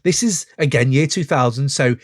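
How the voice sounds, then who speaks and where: A man in his forties hosting a podcast, reviewing a song in an excitable, gushing way full of rambling asides. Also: mid-range voice, normal speed. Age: 40s. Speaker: podcast host. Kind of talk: casual music review chat.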